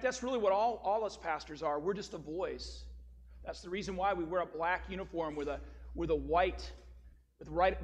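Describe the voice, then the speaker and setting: A pastor preaches a sermon, telling a story and then explaining scripture, stressing key words with emphatic, rising emphasis. His voice is a little high.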